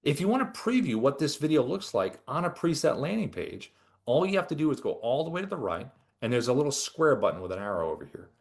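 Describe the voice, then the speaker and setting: A man giving a relaxed, chatty software tutorial as a product trainer. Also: medium pitch, fast talker. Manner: relaxed, chatty, with lively ups and downs. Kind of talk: casual screen-share tutorial.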